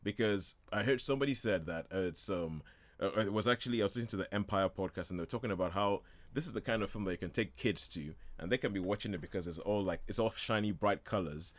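A man with a slightly low voice rambles eagerly about a film, full of false starts and quick laughs. The sound is dry and close, with no room echo at all. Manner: enthusiastic, rambling, laughs often. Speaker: film reviewer on a radio show. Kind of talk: casual chat.

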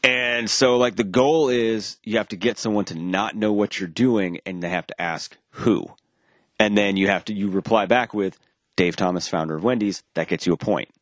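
Low-voiced man telling a story. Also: normal speed, few pauses, no room sound, studio quality. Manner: animated, acts out quoted dialogue; rambling with frequent restarts and profanity. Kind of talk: casual storytelling chat.

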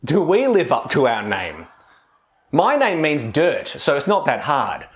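Delivering an expository sermon, this preacher speaks with earnest expression and keeps putting rhetorical questions to the congregation. He talks a little slowly, in a voice on the high side.

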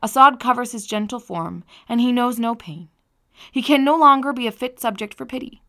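Woman doing a soft-spoken young guy comforting his buddy, gentle and kind, bit gravelly. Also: on the high side, moderate pace. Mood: consoling. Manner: tender, consoling. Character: gentle sympathetic young man, grieving friend.

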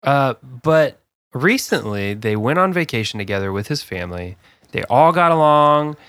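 A man's voice: medium pitch, clean tone, no echo. A man co-hosts a casual podcast, spinning a story at an easy pace with plenty of fillers and chuckles. His voice sits in a middle register and sounds close and dry, with no room around it. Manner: relaxed storyteller, laughs often, halting with fillers. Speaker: podcast co-host.

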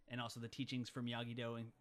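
A man in casual chat, retelling TV scenes quickly with lots of fillers and restarts. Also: medium pitch. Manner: fast, animated retelling with filler words and restarts. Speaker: podcast co-host discussing a TV show.

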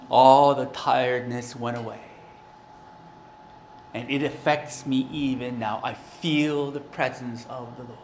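A pastor preaches a sermon in an earnest, conversational way, including a prayer and a personal story. His medium-pitched voice echoes in the room, with slight background noise.

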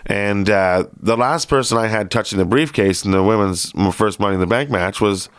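Man, low voice, smooth and resonant, dry close sound, chatty host, laughs a lot. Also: normal speed, dry recording. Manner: chatty, animated, laughs often. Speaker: podcast host. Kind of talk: casual interview chat.

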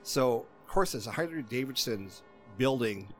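A man's voice: medium pitch, animated, moderate pace, slight background noise. Rambling man telling a story. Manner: rambling, repeats "she goes" while quoting others. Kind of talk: casual chat, telling a long story.

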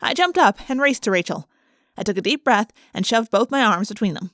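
Woman narrating a teen novel, expressive. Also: medium pitch, fairly quick, no room sound, studio quality. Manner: expressive, wry, conversational. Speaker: audiobook reader. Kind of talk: first-person novel narration.

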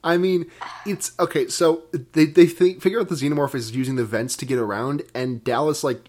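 A woman's voice: low-pitched, fairly even intonation, a little fast, a little mellow. A woman co-hosting a podcast, rambling casually and swearing freely while she retells a film plot. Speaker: podcast co-host. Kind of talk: casual chat.

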